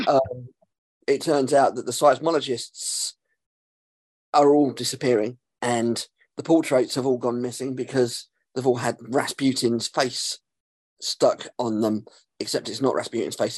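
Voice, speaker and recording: A man, hosting a podcast and recapping an episode in a casual, sarcastic way, swearing freely and filling pauses with um. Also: mid-range voice, no echo. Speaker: podcast host.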